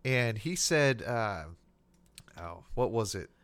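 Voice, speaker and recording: A man's voice: mid-range voice, slow, clean tone. Male officer guest, conversational storyteller, easy laughs. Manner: animated, laughs while telling stories. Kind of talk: casual storytelling.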